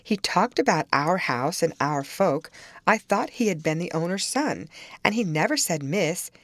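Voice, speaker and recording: A woman voicing a spoiled, haughty young girl who is imperious and quick to tears, in a storybook reading. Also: fairly low pitch, lively intonation, no room sound. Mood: questioning. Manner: demanding, indignant, quick to tears.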